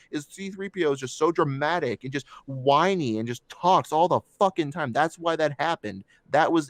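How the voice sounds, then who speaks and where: A man's voice: fairly high pitch, no echo. A man co-hosting a casual movie review podcast, ranting with heavy swearing and mocking voices. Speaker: podcast co-host.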